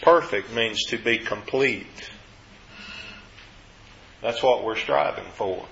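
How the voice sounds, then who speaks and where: A preacher gives a sermon slowly in a bright, forceful voice with vocal fry, explaining things earnestly and carefully and raising his pitch when quoting scripture. The lo-fi, dull audio echoes through a large church, with slight background noise.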